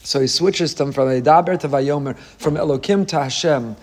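A man's voice: on the high side, normal speed. A man, a rabbi, giving an impassioned Torah sermon with a repetitive rhetorical cadence. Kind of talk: Torah sermon on the weekly portion.

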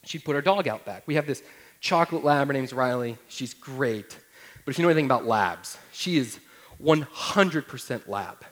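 A man in his thirties, a pastor preaching a sermon through a humorous personal story, talking to the listeners directly in a conversational way. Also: mid-range voice.

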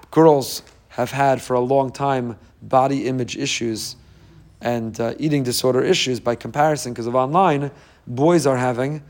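A man's voice: medium pitch, darkish tone. A middle-aged man, a religious teacher, preaching an earnest sermon that piles up repeated, emphatic phrases. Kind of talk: inspirational sermon.

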